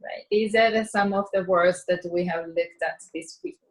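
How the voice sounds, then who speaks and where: Teaching English words to an online seminar, a woman whose native language is Japanese goes slowly and patiently, often filling pauses and restarting. She speaks in a fairly low, steady voice on a rough recording.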